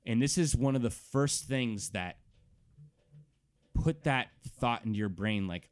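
A man narrating as game master of a tabletop game, telling the scene in an animated way and stretching out words. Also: medium pitch, clean tone. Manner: animated storytelling, drawn-out words.

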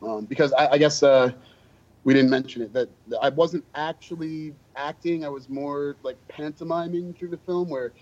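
Man, slightly high voice, casual chatty storytelling, self-deprecating, dull lo-fi audio. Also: normal speed, a little mellow. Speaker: podcast guest, drummer.

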